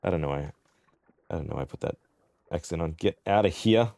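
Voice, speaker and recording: Deep gravelly Australian streamer. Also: male voice, brisk, warm tone, dry recording. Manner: rambling, laughing chatter with frequent swearing. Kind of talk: casual gaming commentary.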